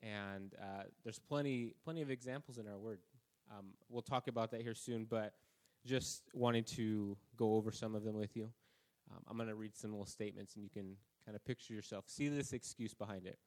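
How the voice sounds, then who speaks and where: A man's voice: lowish voice, steady tone, brisk, darkish tone. A man preaching a conversational sermon at a church service, telling anecdotes about himself. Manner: casual, self-deprecating, anecdotal. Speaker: pastor.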